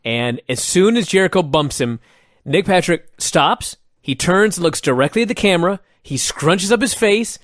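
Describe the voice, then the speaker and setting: A man co-hosting a podcast, animated and quick to laugh, swearing for emphasis as he reviews old wrestling shows. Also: sits high, no room sound, clean studio sound. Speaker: podcast co-host. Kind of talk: casual review chat.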